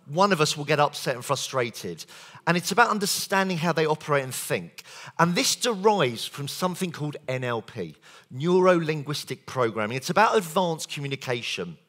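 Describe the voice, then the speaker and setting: A man giving a lively conference keynote as a sales trainer, quizzing the audience with show-of-hands questions and quick jokes. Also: on the high side. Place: conference hall.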